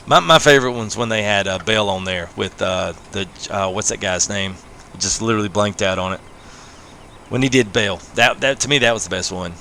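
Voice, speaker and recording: A man's voice: on the low side, fairly quick, pushed and bright, slight background noise. A man streaming a farming game live late at night, chatting casually with viewers, laughing often and tacking "man" onto his phrases. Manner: laid-back, laughs often, says "man" after many phrases. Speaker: gaming livestreamer. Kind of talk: casual livestream commentary.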